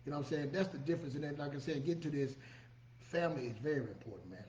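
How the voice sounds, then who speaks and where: Man, middle-aged, fast talker, echoey room, dull lo-fi sound. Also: on the high side, darkish tone, slight background noise. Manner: folksy, repeats "you know what I'm saying". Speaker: podcast host. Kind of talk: casual monologue.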